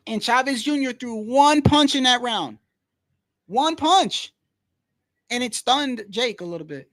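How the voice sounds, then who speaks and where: A man's voice: very high voice, animated, unhurried, fairly bright tone, no echo. A man streaming live play-by-play of a boxing match, casual and blunt, saying "bro" all the time. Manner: slangy, says "bro" constantly, blunt and opinionated. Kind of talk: casual live fight commentary.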